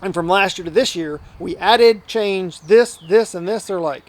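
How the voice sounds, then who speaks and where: High-voiced, earnest hunting outfitter. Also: male voice, measured pace. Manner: earnest, talkative, often acts out quoted dialogue. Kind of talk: casual storytelling in a podcast interview.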